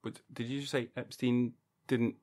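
A man's voice: mid-range voice, level tone, measured pace, a little mellow. A man hosting a podcast in a casual comedic monologue, rambling and jokey, swearing freely and acting mock-indignant. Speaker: podcast host.

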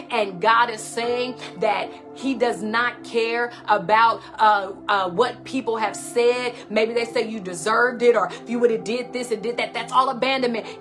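A woman minister delivering a fervent prophetic sermon, moving between loud declarations and hushed prayer. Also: fairly high pitch, steady tone, unhurried, hardly any pauses, music in the background.

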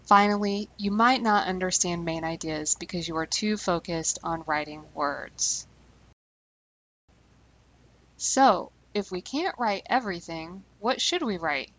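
A woman language teacher giving scripted instructional narration, speaking clearly and slowing down deliberately on key terms. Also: on the low side, a bit bright, rough recording.

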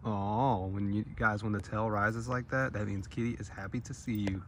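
A man's voice: lowish voice, fairly even intonation, normal speed, fairly bright tone, slight background noise. A man hosting a casual walking vlog outdoors in a neighborhood, talking affectionately to cats. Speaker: vlog host.

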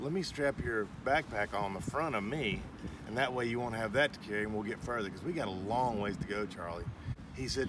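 Middle-aged man, animated storyteller who voices the people in his story, mic set back, outdoor noise. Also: on the low side, moderate pace. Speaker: vlogger's father. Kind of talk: casual storytelling. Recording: distant outdoor mic with clear background noise.

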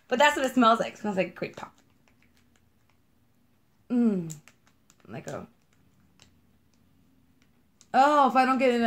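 A chatty woman with a New York accent, rambling and gushing as she unboxes and sniffs scented wax in a casual vlog. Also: a little high. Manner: bubbly, rambling, self-described kooky; gushing over scents and colors. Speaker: vlogger unboxing wax melts.

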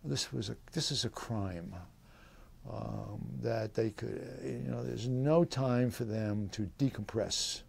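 A man's voice: mid-range voice, slow, gravelly, a little mellow, a little hiss or hum. A man in his eighties, a veteran, recalling his service in an oral history interview, rambling with fillers and short laughs. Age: 80s. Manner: voices quoted people in livelier tones.

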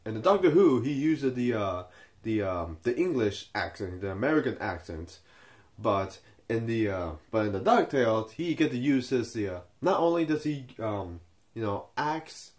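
A man's voice: medium pitch, a little mellow. A young man giving a casual, unscripted review and stumbling over his words with many fillers and restarts. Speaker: video reviewer.

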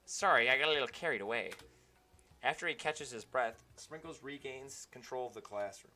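A young man playing a video game on a live stream, reading its lines aloud with animated, joking delivery. His voice is bright and lively in tone. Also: mid-range voice, normal speed. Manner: animated, jokey.

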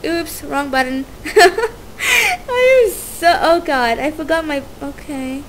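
A young woman doing casual let's play commentary, gushing with excitement and stumbling over words as she plays. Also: high voice, slow pace, a little hiss or hum.

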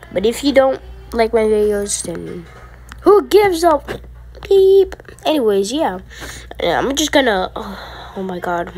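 A woman's voice: medium pitch, a little mellow, slight background noise. A woman giving casual gameplay commentary, chatty and easily frustrated, rambling asides to her viewers. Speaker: gaming video creator.

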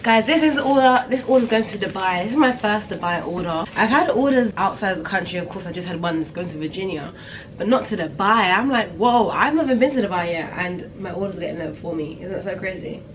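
A woman's voice: mid-range voice, animated, quick pace, a little hiss or hum. A young woman with a British accent, chatting upbeat to her viewers in a casual vlog. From England. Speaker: vlogger.

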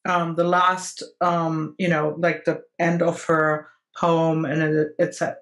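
A woman with a non-native English accent, chatting casually on a video call as an artist and co-host, hesitant and full of fillers and pauses. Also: deep voice, flat delivery.

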